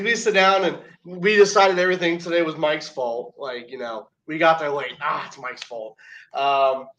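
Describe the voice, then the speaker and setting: A man's voice: mid-range voice, fairly bright tone, low-quality recording. A man, a professional wrestler, telling rambling stories as a guest in casual chat, laughing between them and restarting his sentences often.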